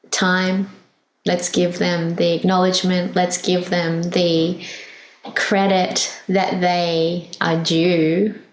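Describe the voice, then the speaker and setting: A woman's voice: lowish voice, echoey room, poor audio. A woman hosting a podcast, speaking in an earnest, heartfelt way with many fillers and restarts. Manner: emotional, laughing softly at herself. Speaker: podcast host. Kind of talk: casual spiritual podcast monologue.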